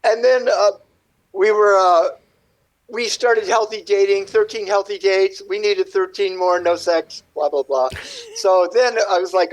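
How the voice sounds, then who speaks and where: A man with a notably high speaking voice, talking as a guest on a radio interview. He rambles through his story with animated energy, switching into little acted-out voices for the people in it. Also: a little slow, poor audio. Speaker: guest artist.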